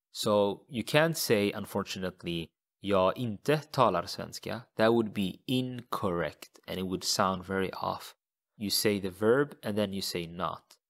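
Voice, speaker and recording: A man teaching a language lesson in a slow, deliberate way, repeating each example phrase. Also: deep voice, vocal fry, fairly bright tone.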